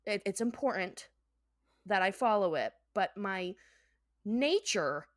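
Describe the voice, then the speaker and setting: A woman's voice: medium pitch, lively intonation, takes it slowly, dry recording, studio quality. A young adult woman co-hosting a podcast, chatting casually while a bit tipsy, laughing often and swearing freely. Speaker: podcast co-host. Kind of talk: casual chat.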